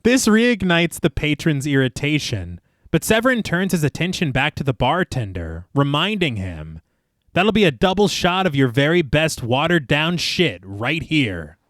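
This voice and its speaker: With a voice on the high side and a moderate pace, this man walks through a film scene by scene as a podcast co-host, relishing each quoted line between offhand remarks. The studio-quality audio has no echo.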